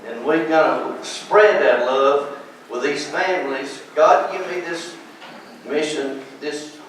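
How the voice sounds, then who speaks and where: A man's voice: on the high side, takes it slowly, slight background noise. An older man, a deacon and choir leader, giving an emotional, preacherly campaign speech at a forum. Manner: preacherly, emotional, repeats himself. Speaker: candidate at a political forum. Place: large echoey hall. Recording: echoey hall from far off.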